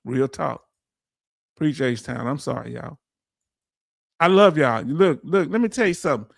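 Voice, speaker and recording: A man's voice: on the high side, lively intonation, measured pace, gravelly, long pauses, no echo, clean studio sound. A middle-aged man, hosting a casual livestream and ranting bluntly while answering chat. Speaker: veteran livestream host.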